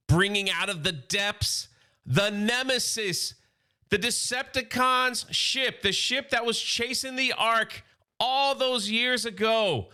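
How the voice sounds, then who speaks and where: A man's voice: high voice, pushed and bright, smooth. A man recapping a comic in a casual, enthusiastic and chatty way. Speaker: comic book reviewer.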